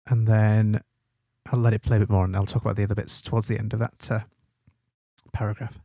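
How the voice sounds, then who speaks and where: A man with an English accent, an English teacher talking through a literary text in a relaxed way, thinking aloud with fillers and tag questions. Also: lowish voice, a little fast, creaky, no echo, clean studio sound. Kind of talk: study guide commentary on a text.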